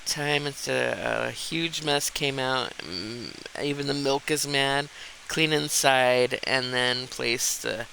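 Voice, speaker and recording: A man's voice: medium pitch, slow pace, vocal fry, bright, forceful tone, slight background noise, rough recording. A man chatting casually over a cleaning game, rambling through a story with restarts and frequent laughter. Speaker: gameplay streamer. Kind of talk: casual gameplay chat.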